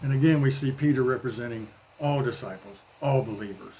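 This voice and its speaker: Gravelly-voiced man preaching casually. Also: medium pitch, fairly quick, few pauses, dark tone, a little hiss or hum. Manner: conversational, with playful voiced asides. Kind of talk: informal sermon.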